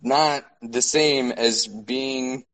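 Swearing, animated male podcast co-host. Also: mid-range voice, extremely slow, poor audio. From Alaska. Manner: animated storyteller, swears freely, laughs often. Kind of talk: casual profane chat.

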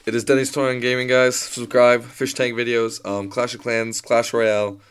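A man's voice: mid-range voice, little pitch movement, normal speed, smooth. A young man co-hosting a podcast who runs a gaming channel, rambling through long lists. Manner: rambling, lists things at length. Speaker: podcast co-host, gaming YouTuber. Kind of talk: casual chat.

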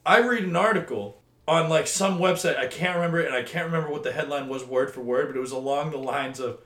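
A man's voice: on the high side, quick pace, fairly bright tone. A man co-hosting a podcast in casual chat, blunt and dismissive, swearing freely. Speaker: podcast co-host. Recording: echoey room.

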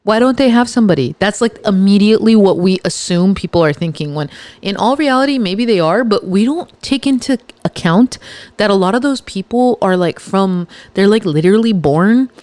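A Los Angeles podcast host with a mid-range, slightly dark voice gives her listeners a lively pep talk at normal speed. She's chatty and emphatic, laughing and restarting as she goes, and the recording is dry.

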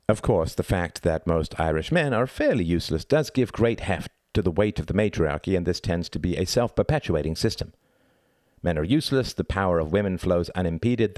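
A man narrating a novel as an audiobook in a measured, expressive reading. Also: low-pitched, dry recording, clean studio sound.

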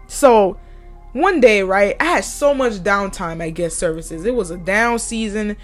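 A woman's voice: medium pitch, unhurried, soft background music. A young adult woman hosting a podcast, telling a work story in a casual, heated rant full of swearing. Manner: profane, heated and blunt, with laughs. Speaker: podcast host.

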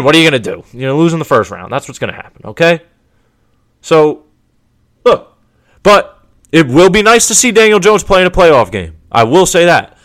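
A man giving a casual, emphatic sports commentary monologue as a show host, full of rhetorical questions and repetition. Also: fairly high pitch. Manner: animated, emphatic, repeats himself, rhetorical questions.

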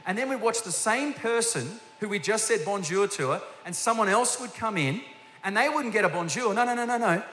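A man's voice: sits high, lively intonation, moderate pace, a bit bright. A man preaching a sermon as guest minister, telling stories with energy and putting direct questions to the congregation. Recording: echoey hall with faint hiss.

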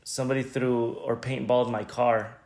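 A man's voice: medium pitch, little pitch movement, normal speed, a little mellow, echoey room. A man co-hosting a podcast, chatting casually, teasing his co-host and swearing freely. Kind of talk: casual chat.

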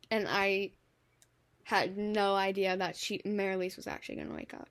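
A woman's voice: medium pitch, fairly even intonation, unhurried, a bit bright. A young woman co-hosting a podcast, chatting casually with a drawl and lots of "like". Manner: drawling, fillers like "like". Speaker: podcast co-host. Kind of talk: casual chat.

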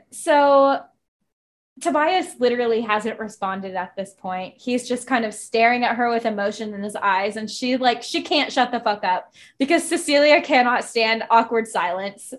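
A woman with a slightly high voice chats casually about a book she loved. She gushes and swears freely, her sentences full of "like" fillers. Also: a little slow. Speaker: podcast co-host. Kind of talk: casual book-club chat.

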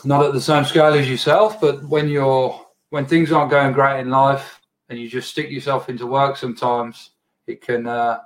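A man interviewing a guest, asking long, halting questions with restarts. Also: mid-range voice, level tone, rough recording.

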